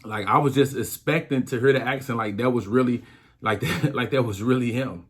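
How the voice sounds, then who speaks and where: This podcast host speaks in a husky, medium-pitched voice during a casual solo episode. He reflects slowly, stretching out his phrases and often starting over.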